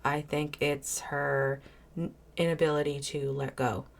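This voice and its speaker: A woman's voice: low-pitched, little pitch movement, unhurried, creaky. A woman hosting a reaction video, giving blunt, opinionated commentary and reading viewer messages aloud. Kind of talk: casual commentary reacting to a clip.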